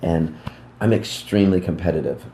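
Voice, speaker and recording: A man in his fifties, a musician, telling rambling, animated anecdotes in a casual interview backstage at a music club. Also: deep voice, normal speed, reverberant, slight background noise. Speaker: musician guest.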